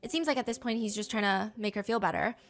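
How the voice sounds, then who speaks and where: A woman's voice: medium pitch, fast talker. A woman narrating a true crime story, reading text messages aloud and swearing casually. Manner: swears freely, reads texts aloud.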